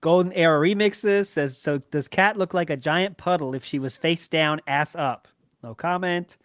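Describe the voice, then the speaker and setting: A man's voice: a little high, moderate pace, fairly bright tone, no echo, clean studio sound. A man hosting a casual livestream podcast, reading out tips and chat messages and laughing along. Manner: reads chat tips, laughs easily, hedging. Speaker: host.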